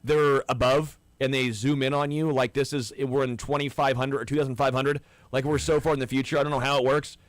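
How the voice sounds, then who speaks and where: Speaking briskly in a level, mid-range voice with no room sound, this man co-hosts a sports radio program. In the radio studio, on a studio mic, he eagerly presses his argument amid casual back-and-forth, stumbling over his words when challenged.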